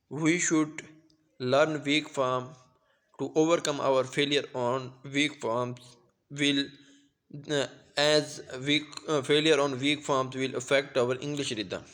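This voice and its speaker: A young man from Pakistan giving a class presentation on pronunciation, speaking slowly and carefully, with occasional restarts. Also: mid-range voice, fairly bright tone. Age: young adult. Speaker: student presenter.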